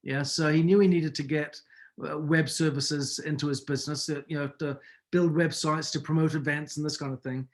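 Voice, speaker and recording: A man with a somewhat high-pitched voice leads a mentoring call. He tells stories in a relaxed, conversational way and often stops to ask his listeners questions. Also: moderate pace. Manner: conversational storyteller, asks listeners rhetorical questions. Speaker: business mentor. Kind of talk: mentoring talk with anecdotes. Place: video or conference call.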